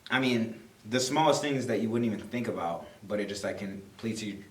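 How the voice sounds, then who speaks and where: A man's voice: lowish voice, a little fast, distant mic. A young man talking as a podcast co-host and new father, in a loose, rambling way full of "like" and "you know.". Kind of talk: casual chat. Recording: roomy, from off the mic.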